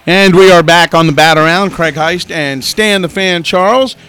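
Fast-talking male sports radio co-host. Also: sits high, bright, forceful tone, smooth, soft background music. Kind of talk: casual sports talk radio. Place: radio studio. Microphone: studio mic.

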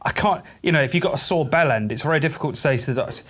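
A man's voice: on the high side, rapid-fire, a bit bright. A man from Leicester, co-hosting a crude comedy podcast, rambling and giggling as he trips over his words. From Leicester, England. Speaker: podcast co-host.

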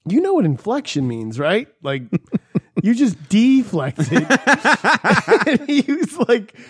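A man's voice: very high voice, breathy edge. A man co-hosting a podcast, telling crude stories in casual banter, laughing and mimicking others. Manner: animated storyteller, quick laughs, mimics others. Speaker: podcast co-host.

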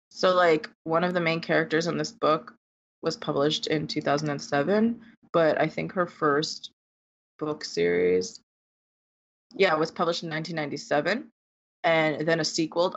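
A woman's voice: lowish voice, a bit bright. A woman chatting casually about books, ranting with lots of fillers and exasperation. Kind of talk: casual book discussion. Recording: dull lo-fi sound.

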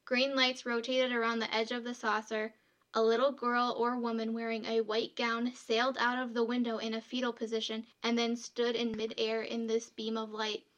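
A woman co-hosting a podcast tells a true story in a casual, chatty way, reading long quotes aloud between fillers. Her voice sits a little high, and her pitch stays quite flat and level. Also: normal speed, highs cut off. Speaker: podcast co-host telling the story.

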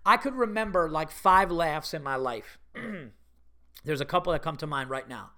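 Laughing, animated male podcast host. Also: fairly high pitch, unhurried. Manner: animated, laughs through stories, swears freely. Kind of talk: casual storytelling monologue.

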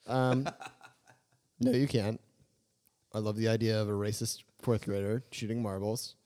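A man co-hosting a casual comedic podcast, talking in an animated, jokey way and slipping into mocking voices. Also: lowish voice, unhurried. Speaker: podcast co-host.

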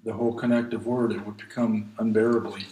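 A man's voice: on the low side, little pitch movement, fairly quick, mellow, reverberant, a little hiss or hum, poor audio. A man preaching a sermon, reading scripture aloud and pleading earnestly with his listeners. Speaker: pastor.

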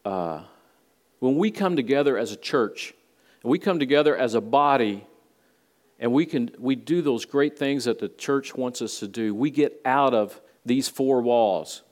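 A male pastor giving a conversational sermon in a church, with folksy asides to the congregation. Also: medium pitch. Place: church sanctuary.

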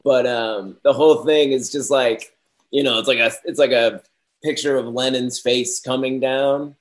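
A man's voice: medium pitch, steady tone, moderate pace. A man talking casually with friends, rambling with many fillers and laughing at his own stories. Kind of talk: casual podcast chat.

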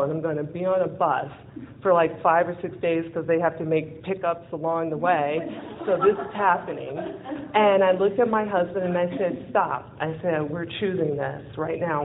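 A woman telling a personal story in a lively way, acting out what people said and laughing often. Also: on the low side. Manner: lively, acts out quoted dialogue, laughs often. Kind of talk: personal storytelling with a closing lesson. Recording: phone-like narrow sound with faint noise.

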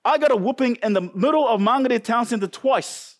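Lively high-voiced New Zealand pastor preaching. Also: male voice, moderate pace. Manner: animated, jokey, talks to congregation. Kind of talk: sermon. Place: church service.

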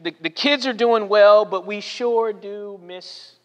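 High-voiced pastor telling stories in a reverberant hall. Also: male voice, fairly even intonation, slow pace, lo-fi sound. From Southern California. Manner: storytelling with frequent "right?" asides and acted-out quotes. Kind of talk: sermon. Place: church sanctuary.

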